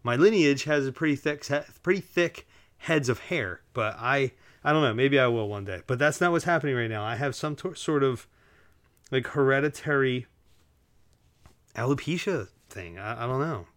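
A man talking through a laid-back solo podcast from home, wandering from thought to thought with plenty of "like"s and teasing asides to his audience. His voice sits at an ordinary middle pitch. The sound is dry and close, with no room around it. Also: animated, normal speed, fairly bright tone, dry recording. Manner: rambling, filler-heavy, joking asides to listeners. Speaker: podcast host. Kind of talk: casual solo podcast monologue. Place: at home, relaxed, drinking while recording.

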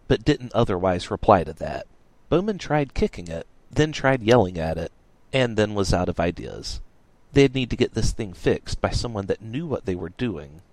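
A man reading a story aloud in a wry, lively storytelling manner. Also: fairly low pitch, dry recording. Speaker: narrator.

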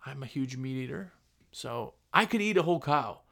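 A man hosting a podcast, giving blunt, animated motivational business talk full of rhetorical questions. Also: mid-range voice, normal speed, gravelly. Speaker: podcast host.

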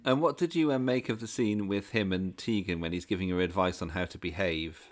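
Man co-host, casual chat, measured, thoughtful. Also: low-pitched. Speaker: podcast co-host.

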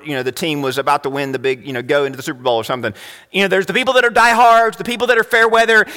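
A male pastor preaching a sermon, animated and full of rhetorical questions, swinging between loud and hushed. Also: sits high, long reverb tail.

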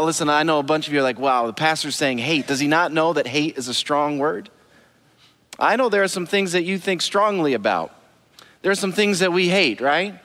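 Casting: male pastor, slightly high voice, playful and joking with the crowd, church hall with long reverb. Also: sharp tone. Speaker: lead pastor. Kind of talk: humorous sermon to a congregation. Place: church auditorium.

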